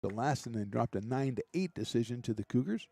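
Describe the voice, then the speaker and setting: A man calls a college baseball game play by play in a mellow, warm voice, relaxed and chatty, with dry little jokes between pitches. His voice sits close to the mic, with almost no room sound around it. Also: brisk, creaky, dry recording. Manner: relaxed, chatty, lightly joking between pitches, rising excitement on big plays. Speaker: play-by-play announcer.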